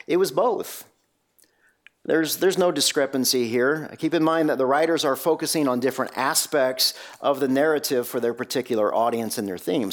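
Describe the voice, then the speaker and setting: Male preacher, slightly higher voice, expressive delivery with rhetorical questions, sermon read. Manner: animated, rhetorical questions, varied pace.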